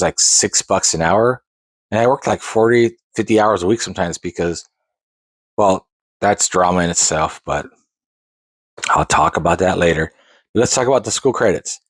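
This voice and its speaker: In a casual storytelling monologue, a podcast host in his forties recounts a long personal tale, drifting into digressions and restarting sentences. His voice sits low, and there's no echo.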